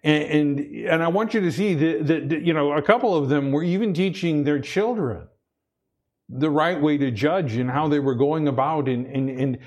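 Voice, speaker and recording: A man preaching a sermon in a conversational way, often repeating himself and asking the congregation "Amen?", sometimes rising high with excitement. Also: normal speed. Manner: animated, rises high and loud when excited. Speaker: pastor.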